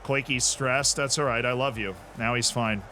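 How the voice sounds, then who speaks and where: A man's voice: medium pitch, fairly even intonation, normal speed, sharp tone, faint music behind. A man streaming a football management game, chatting casually, reacting to the match and answering his chat. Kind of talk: live gameplay commentary.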